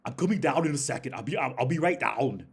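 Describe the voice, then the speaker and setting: A man's voice: medium pitch, expressive, quick pace, slightly rough, pitched above the performer's own voice. A man imitating a friendly Austrian man's heavy accent. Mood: polite. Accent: Austrian German. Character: polite Austrian man selling a keyboard.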